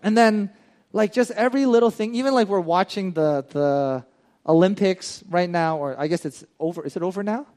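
A man with a notably high voice gives a sermon as a preacher. He talks to his congregation in an easy, chatty way and keeps tossing in quick "right?" asides. He retells stories with lively animation. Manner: conversational, with frequent "right?" asides.

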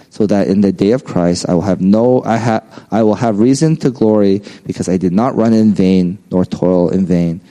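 Over poor audio, a man with a fairly low, dark-toned voice preaches in a relaxed, conversational style. He frequently adds "right?" to check in with his audience throughout the sermon.

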